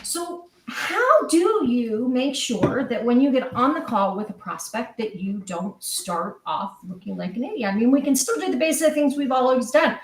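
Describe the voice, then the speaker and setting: A woman's voice: fairly high pitch, moderate pace, few pauses. Woman host, roomy and distant sound. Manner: storytelling, animated, quoting others. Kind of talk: casual panel discussion.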